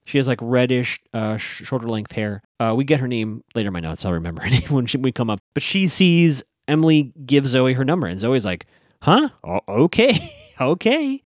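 Chatty man with a lively, swinging voice. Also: mid-range voice, no echo, studio quality. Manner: chatty, asides to the audience, frequent fillers. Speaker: show recap host. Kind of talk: casual episode recap.

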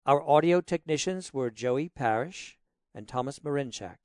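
A man announcing the closing credits of an audio drama in a plain, steady way. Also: medium pitch, moderate pace, dry recording, clean studio sound.

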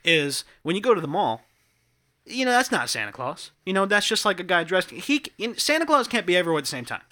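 A young man co-hosting a casual podcast with a bright voice that sits a bit high. He tells his stories in an animated, rambling way, laughing and restarting his sentences as he goes. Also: fast. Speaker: podcast co-host. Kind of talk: casual chat. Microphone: headphones and studio mic.

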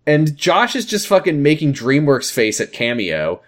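A man's voice: fairly high pitch, very animated, normal speed. A man co-hosting a casual recap chat, telling the story animatedly and slipping into character voices, swearing casually. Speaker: podcast co-host recapping a TV episode.

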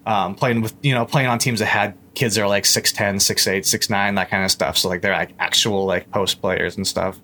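A man's voice: fairly low pitch, fairly even intonation, normal speed, hardly any pauses, pushed and bright, a little hiss or hum. A young man, a podcast guest, talking in a loose, rambling way with lots of fillers and restarts. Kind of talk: casual chat.

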